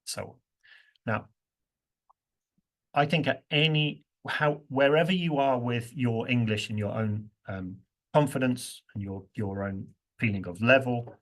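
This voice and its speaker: A man's voice: mid-range voice, unhurried. A man teaching English pronunciation in an online workshop, drilling phrases with strong rhythmic stress. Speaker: workshop trainer.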